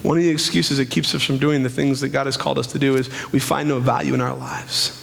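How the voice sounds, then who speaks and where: A man in his thirties, a pastor preaching a sermon in a church, emphatic, with slow stresses and quick asides. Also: mid-range voice, flat delivery, gravelly, a bit bright, long reverb tail.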